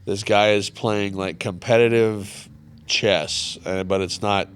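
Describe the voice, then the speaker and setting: A man's voice: lowish voice, steady tone, slow pace, clean tone. A man co-hosting a podcast, chatting casually in an easygoing, rambling way and laughing often. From Kansas. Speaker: podcast co-host. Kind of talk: casual chat.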